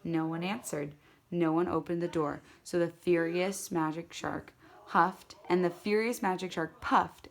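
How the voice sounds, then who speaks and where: A woman telling a children's story aloud, animated, with small slips and restarts. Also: on the low side, unhurried, creaky. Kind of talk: storytelling to an audience.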